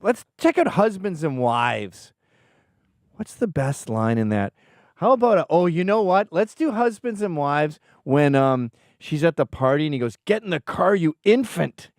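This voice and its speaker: A man hosting a podcast, talking in a crude, joking way and slipping into quick impressions as he goes. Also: a little high, dry recording, clean studio sound. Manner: profane, animated, slips into impressions. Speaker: podcast host.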